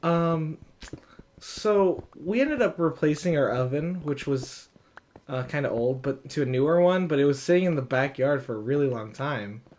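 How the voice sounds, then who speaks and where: Casual young male storyteller, slightly high voice, animated and full of fillers. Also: moderate pace. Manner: animated, laughs often, lots of fillers.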